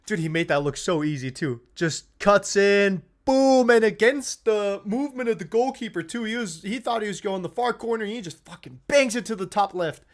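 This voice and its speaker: Hardly pausing at all, a young man with a high-pitched voice speaks at normal speed as he hosts a football watch-along stream live. He's excitable and swears freely, getting heated over the action and shouting and laughing at goals.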